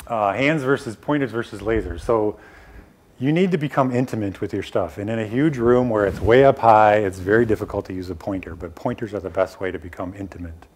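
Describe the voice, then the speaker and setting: A man's voice: lowish voice, brisk, a little mellow, husky. A middle-aged man giving a live workshop talk on presenting science to a small room, direct and emphatic with casual asides. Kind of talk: live lecture to a small audience.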